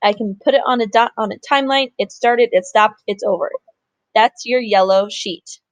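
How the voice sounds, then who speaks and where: A woman's voice: fairly high pitch, normal speed, no room sound. Upbeat woman teacher, dry close sound. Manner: upbeat, informal explaining. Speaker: Spanish teacher. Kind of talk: recorded grammar lesson.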